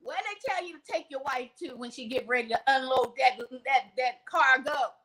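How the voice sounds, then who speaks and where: A woman's voice: high voice, moderate pace, bright, forceful tone, poor audio. A woman vlogger talking animatedly on a livestream, preachy and theatrical, acting out little scenes with props.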